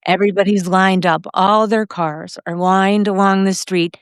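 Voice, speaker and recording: A middle-aged woman hosting a podcast, telling a personal story in a lively way, laughing often. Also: medium pitch, moderate pace, clean tone, dry recording, clean studio sound. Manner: lively, acts out other people's lines, laughs often.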